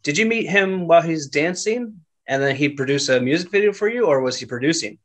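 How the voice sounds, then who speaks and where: A man's voice: fairly high pitch, expressive, fairly quick. A man hosting a casual chat show, talking loosely with lots of fillers and laughs. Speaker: podcast host.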